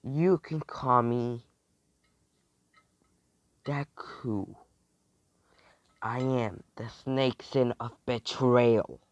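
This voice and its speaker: A man's voice: mid-range voice, steady tone, very slow, pauses often, dry recording. A man voicing a vengeful, immortal young man, a betrayed hero turned demon, with a taunting, smug manner, in a lo-fi recording. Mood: boastful.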